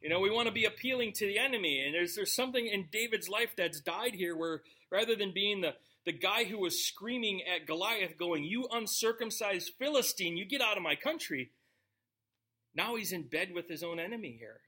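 A man with a high, bright voice leads a relaxed Bible study, reading verses and then talking them over. He jokes with the people listening in between. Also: brisk, few pauses. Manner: conversational, joking asides to the congregation. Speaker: pastor. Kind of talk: casual verse-by-verse Bible teaching.

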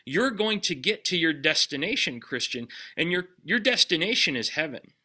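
A man preaching a sermon in a conversational way, putting direct questions to his listeners and dropping his voice low on key lines. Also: big pitch swings, normal speed, pushed and bright. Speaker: pastor.

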